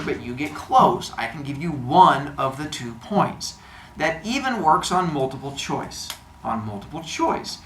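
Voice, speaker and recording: A man's voice: a little high, fairly bright tone, a little hiss or hum. A man teaching a class, giving quiz instructions in a playful, jokey way with silly made-up words. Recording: echoey classroom, faint ambience.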